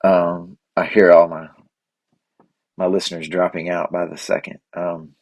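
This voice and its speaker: A man hosting his own podcast, talking through his thoughts off-script in an earnest, halting way with many restarts. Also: low-pitched, little pitch movement, a little mellow, dry recording. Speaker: podcast host. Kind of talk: unscripted reflective monologue.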